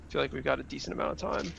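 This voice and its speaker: There's background noise behind this young man's gravelly voice, which sits on the high side. Streaming a sim race, he casually chats with viewers, reads messages aloud, and swears freely, all in dull, slightly lo-fi stream audio.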